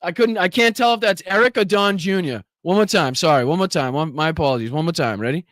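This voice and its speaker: A man hosts a live political reaction stream, his voice sitting high for a man and recorded dry and close. He swears freely, laughs often and sounds incredulous at what he is watching. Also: fast, a bit bright, no echo. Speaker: political commentary host.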